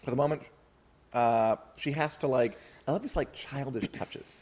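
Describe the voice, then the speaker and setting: A man's voice: mid-range voice, normal speed, a little mellow. A man co-hosting a casual podcast about a book, chatty, laughing often and reading passages aloud. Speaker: podcast co-host.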